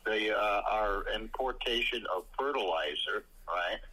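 A man co-hosting a political talk show, speaking haltingly with many fillers and blunt opinions. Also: lowish voice, bright, forceful tone, husky, low-quality recording. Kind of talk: casual political chat.

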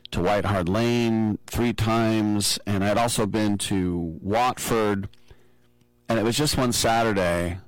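A man casually telling a lively personal story on a podcast, acting out the quotes. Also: fairly low pitch, no echo, poor audio. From from abroad, flew in to see matches. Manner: animated anecdote-telling with acted-out quotes.

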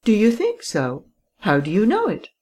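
A woman voicing a calm, matter-of-fact male police commissary in a storybook reading. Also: mid-range voice, moderate pace, pitched above the performer's own voice. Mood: confident.

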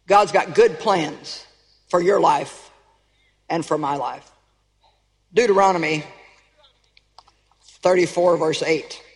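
A woman's voice: deep voice, slow pace, pauses often, long reverb tail, poor audio. A woman preaching a sermon in an emphatic, conversational way, sometimes building to exclamations.

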